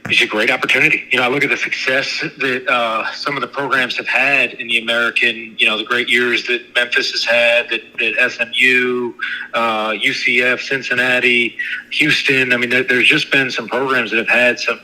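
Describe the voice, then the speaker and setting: A man guesting on a sports radio show as a university athletics director, with a very bright, sharp voice at a middle pitch. He answers earnestly and haltingly, often circling back on his words. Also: flat delivery, rough recording. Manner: earnest, halting, repeats himself.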